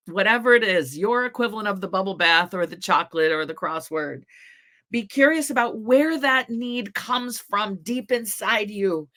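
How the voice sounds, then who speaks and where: A middle-aged woman on a panel, telling a personal story in an animated, expressive way with quoted dialogue. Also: medium pitch.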